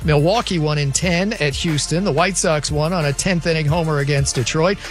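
A man reading a scripted sports news update with brisk, crisp delivery of scores. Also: a little high, soft background music.

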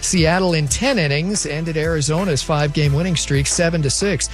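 Man reading a brisk sports update. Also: fairly high pitch, soft background music. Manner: brisk, crisp reading of scores. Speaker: sports news anchor.

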